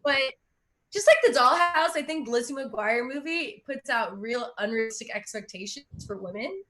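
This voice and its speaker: High bright chatty young woman comic. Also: normal speed. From Russia. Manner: chatty, self-mocking, laughs at her own jokes. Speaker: stand-up comedian and host. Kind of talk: stand-up comedy.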